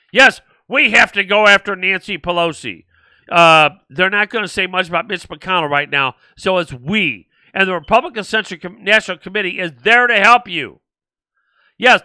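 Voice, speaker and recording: A man's voice: high-pitched, pushed and bright, dry recording. An older man hosting a political talk show, blunt and rambling, mocking the people he talks about. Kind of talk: political commentary.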